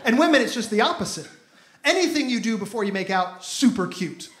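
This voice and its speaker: A man's voice: very high-pitched, expressive, fairly quick, a bit bright. A man in his thirties doing a stand-up comedy set on a club stage, telling stories in a punchy, exasperated way into a handheld mic. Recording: echoey room with crowd laughter.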